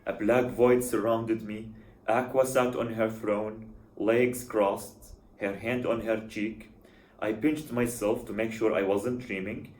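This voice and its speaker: Guy doing sarcastic voiceover commentary, kinda low voice, echoey room. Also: flat delivery, slow, a little mellow. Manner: wry, sarcastic. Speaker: YouTube commentator. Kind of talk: scripted voice-over commentary.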